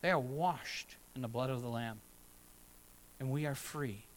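A middle-aged man delivers a sermon from the pulpit. He is earnest but conversational, and he slips into short acted-out asides. His voice sits at an ordinary middle pitch. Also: unhurried, a little hiss or hum, poor audio. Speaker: pastor.

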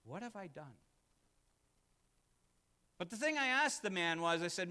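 A man's voice: high-pitched, very animated, a little slow, pauses often, clear, resonant tone. Dynamic male pastor preaching in a reverberant church. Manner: dynamic preaching, swinging from loud emphatic peaks to hushed asides. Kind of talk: sermon. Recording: long reverb of a church hall.

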